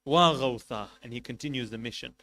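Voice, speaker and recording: A man preaching a sermon, telling a story with passion, swinging between loud emphasis and quiet asides, and reciting Arabic quickly before translating it. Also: on the high side, lively intonation, no echo. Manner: recites Arabic passages rapidly, then translates. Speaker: sheikh preaching at a mourning gathering.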